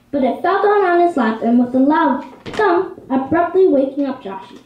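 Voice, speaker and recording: Lively, high-voiced woman narrator. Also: normal speed. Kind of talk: storybook narration. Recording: echoey room.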